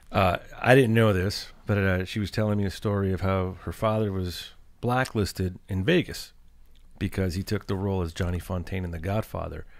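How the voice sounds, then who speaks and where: A man's voice: low-pitched, dry recording. A man hosting an interview, asking questions in a chatty way, with hesitations. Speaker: podcast host. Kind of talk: casual interview chat.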